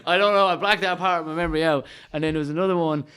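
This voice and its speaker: A young Irish man, a comedian, telling childhood stories in a casual podcast chat, swearing freely and animated. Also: a little high, rapid-fire, clean tone. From Ireland. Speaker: comedian guest.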